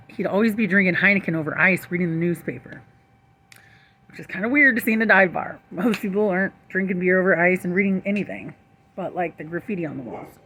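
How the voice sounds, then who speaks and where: A woman's voice: mid-range voice, bright, forceful tone, a little hiss or hum. A young woman telling a rambling, profane story to her camera, laughing often. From St. Louis area. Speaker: vlogger.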